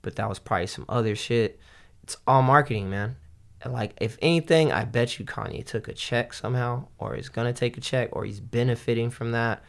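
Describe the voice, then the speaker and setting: A man's voice: mid-range voice, vocal fry. Rambling man in casual music chat. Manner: rambling, halting, many fillers and restarts.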